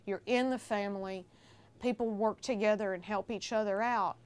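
Woman, podcast guest, warm animated storyteller, casual chat. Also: mid-range voice, moderate pace, clean tone. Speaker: film festival organizer guest.

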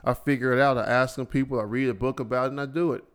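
A man ranting solo on his podcast, swearing freely and sounding exasperated. He keeps slipping into mocking impressions of other people, his pitch swinging up high as he works himself up. His voice sits at an ordinary middle pitch. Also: steady tone, rapid-fire, clean tone. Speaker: podcast host.

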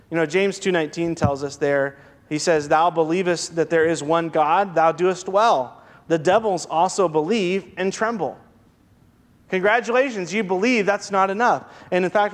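Man preaching, fairly high voice, scripture readings, wry asides, long church reverb. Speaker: pastor. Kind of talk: sermon. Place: church sanctuary.

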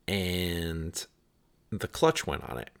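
A man's voice: sits low, lively intonation, slow pace, gravelly, clean tone. A man in his thirties telling a casual, rambling anecdote with frequent restarts and some swearing.

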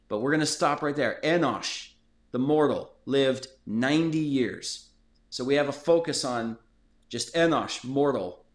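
An earnest man leads a casual Bible study discussion, explaining his ideas at length. His voice sits at a middle pitch, and the recording has a roomy echo around him. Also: moderate pace. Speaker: host of a Bible study talk. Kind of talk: casual teaching chat.

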